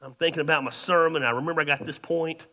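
A man pastor, telling a story in a sermon, shifting between loud outbursts and quiet asides. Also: on the high side, steady tone, fast.

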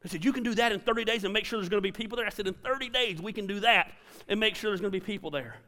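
In the echoing space of a church auditorium, a middle-aged man preaches as pastor with a high-pitched, rapid-fire voice that sounds pushed and bright. His sermon is emphatic yet conversational, built around punchy lines he repeats.

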